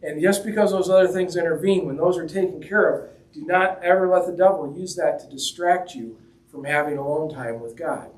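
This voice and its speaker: A man's voice: on the high side, a little fast. A man preaching a sermon in a conversational, joking way, acting out the quoted lines as he goes. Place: church hall. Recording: roomy echo, mic at a distance.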